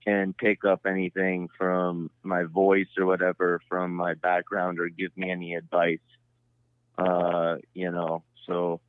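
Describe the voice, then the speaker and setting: A man's voice: deep voice, completely flat delivery, a little slow, smooth, no room sound. A man calling in to a talk show, talking hesitantly with lots of fillers. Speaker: caller. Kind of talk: call-in conversation. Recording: tinny phone line.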